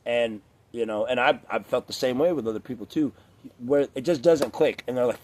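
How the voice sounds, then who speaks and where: A man's voice: mid-range voice, a little fast, a little mellow, a little hiss or hum. A man talking straight to camera in a casual, rambling rant, swearing often and leaning on filler words. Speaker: vlogger.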